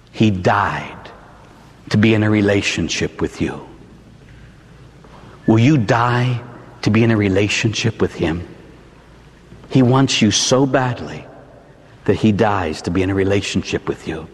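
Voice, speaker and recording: A man, a Catholic priest from Pittsburgh with a Pittsburgh accent, preaching a sermon in a chatty way with frequent tag questions. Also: a little high. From Pittsburgh, United States. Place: church. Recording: long hall reverb.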